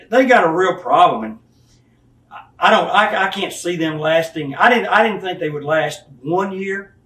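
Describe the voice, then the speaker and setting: A retired wrestler in his fifties, blunt and profane, gives a candid interview and mimics the people he talks about. He has a high, a bit bright voice with lively intonation and a moderate pace. Echo, a distant mic, and faint hiss come through.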